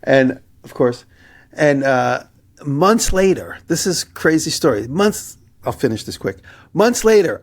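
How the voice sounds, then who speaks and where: A man on a podcast telling a story in casual chat, animated and acting out the people in it. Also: fairly high pitch. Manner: animated anecdote telling, acting out both sides of quoted exchanges. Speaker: podcast co-host.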